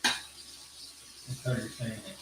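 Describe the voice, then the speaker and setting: A man helping off-camera, giving short, low-key replies from across the room. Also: steady tone, very slow. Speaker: host's husband, off-camera helper. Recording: distant and very echoey with noise.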